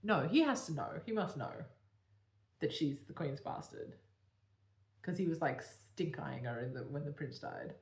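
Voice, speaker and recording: A woman's voice: sits low, lively intonation, measured pace, roomy sound. A woman co-hosting a podcast, reading her own novel aloud and breaking off to joke about it. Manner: giggly, self-mocking. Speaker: podcast co-host and author.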